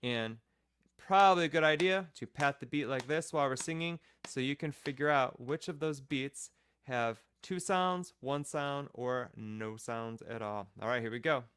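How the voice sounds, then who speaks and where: A man's voice: mid-range voice, normal speed, a bit bright, clean tone. A man teaching a children's music class, patiently explaining rhythm step by step and counting off the beat.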